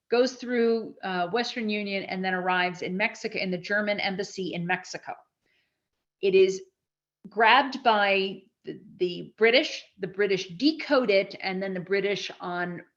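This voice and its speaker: A woman giving a spoken history lecture, telling events as a lively story with restarts and asides. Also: mid-range voice, dull audio.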